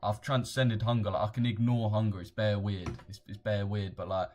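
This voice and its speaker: A man's voice: on the low side, level tone, normal speed, darkish tone, slight background noise. A young man with a London accent, chatting casually and rambling in slang on a live trading stream. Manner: slangy, rambling, reads chat aloud.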